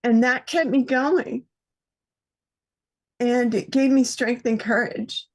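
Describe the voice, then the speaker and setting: Woman, caller, slow pace, emotional, halting, many fillers. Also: on the high side, steady tone. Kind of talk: casual chat.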